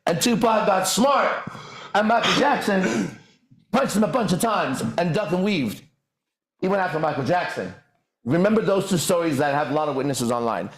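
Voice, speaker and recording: Male podcast host, higher voice, lecturing and constantly checking in, roomy echo. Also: animated, moderate pace. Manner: keeps checking in with "right?" and "okay?". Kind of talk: lecture-style podcast monologue.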